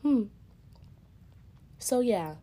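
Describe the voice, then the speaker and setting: On her solo podcast, a woman with a warm, somewhat high voice talks in an animated way but extremely slowly. She's candid and reflective as host, dropping curses freely in a slang-heavy drawl.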